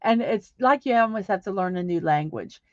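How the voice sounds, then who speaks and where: A woman's voice: medium pitch, lively intonation, a little fast, darkish tone, no room sound. Middle-aged female streamer, chatty and meandering, dry slightly muffled home mic. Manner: rambling, many fillers and restarts. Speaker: livestream host. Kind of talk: casual chat reading viewer comments.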